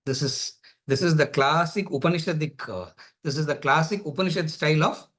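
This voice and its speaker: A man teaches in a somewhat high voice. He keeps the lecture lively with rhetorical questions and laughter, and he slows into drawn-out chanting for the sacred verses. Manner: drawn-out chanting of Sanskrit words. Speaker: Vedanta teacher.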